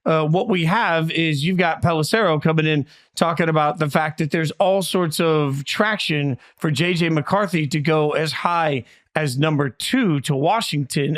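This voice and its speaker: A man hosting a casual sports talk show, joking and rambling between topics. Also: on the high side. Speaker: host.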